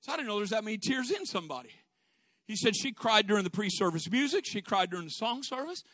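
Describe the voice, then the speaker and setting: A man preaching. His tone is bright and forceful, and the sound is dry and close. He drops to hushed storytelling, then rises to shouting. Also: high-pitched, sing-song, quick pace, no echo. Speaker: pastor. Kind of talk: sermon.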